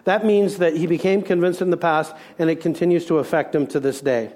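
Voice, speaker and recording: A middle-aged man preaching with a fairly high voice, pressing his points through rhetorical questions. He then sinks into soft, reflective stretches. A pastor's sermon delivery throughout. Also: steady tone, a little fast.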